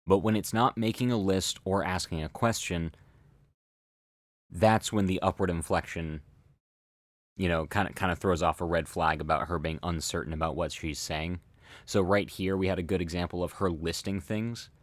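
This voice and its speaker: A man hosting a commentary, explaining thoughtfully in a halting way with many fillers and restarts. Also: sits low, steady tone, no echo. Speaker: host analyzing body language.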